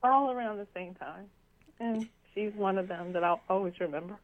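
A woman speaks in a casual chat with a mid-range voice, emotional and teary as she talks. Her words come plainly and gently. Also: medium pitch, moderate pace, narrow, tinny audio.

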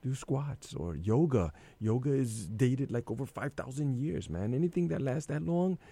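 A man in casual conversation, an animated storyteller who acts out his own inner thoughts aloud. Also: mid-range voice, moderate pace, creaky, husky, dry recording.

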